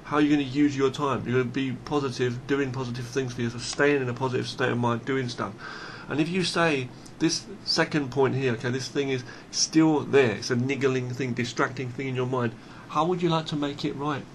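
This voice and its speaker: A man's voice: medium pitch, steady tone, brisk, few pauses, a little hiss or hum. Blunt man ranting. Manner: blunt, emphatic, swears freely; repeats and restarts phrases. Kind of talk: unscripted monologue.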